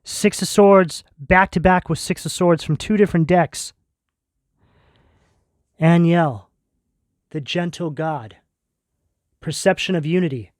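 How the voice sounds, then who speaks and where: A man giving a tarot reading video, speaking in slow, emphatic, intense declarations. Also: on the high side, dry recording, studio quality. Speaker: tarot reader.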